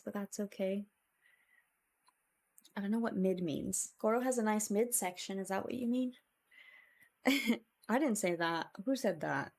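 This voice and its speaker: A woman's voice: mid-range voice, a little mellow. A woman streamer chatting with her viewers in a casual, emotional and reflective way, often sighing.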